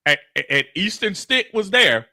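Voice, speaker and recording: This man co-hosts a casual sports show, and his voice is bright and forward. He swings his pitch up and down as he jokes, trips over his words and repeats himself. The sound is dry and close, with no room in it. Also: moderate pace, dry recording. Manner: joking, excitable, stumbles over words. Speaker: co-host.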